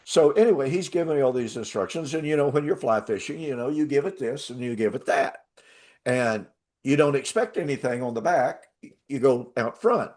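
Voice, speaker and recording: An older man hosting a talk show, telling a travel story in a casual, animated way and laughing often. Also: mid-range voice, a little fast. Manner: animated, laughs often, acts out quoted voices. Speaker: show host.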